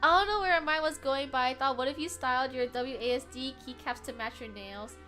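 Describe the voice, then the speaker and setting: A woman's voice: high-pitched, brisk, sharp tone, faint music behind. A woman streamer chatting casually and animatedly, laughing often and swearing freely. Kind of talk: casual chat.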